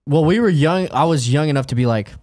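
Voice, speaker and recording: Quick-talking man telling wrestling stories. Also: fairly high pitch, no room sound, studio quality. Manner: rambling, animated storytelling. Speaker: co-host. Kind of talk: casual wrestling chat.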